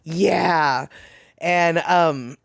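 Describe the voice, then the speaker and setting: A middle-aged streamer talks loosely to their chat, wandering through stories with frequent laughs and restarts. The voice sits at an ordinary middle pitch and is captured close and dry, with no room sound around it. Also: drawn-out words, gravelly, no echo. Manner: rambling and chatty, laughs often. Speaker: livestream host reading chat. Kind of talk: casual chat.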